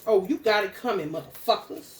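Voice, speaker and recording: A woman's voice: mid-range voice, fairly quick, reverberant, a little hiss or hum. A woman ranting angrily, confrontational and full of swearing. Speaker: spiritual content creator. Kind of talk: profane stream-of-consciousness rant.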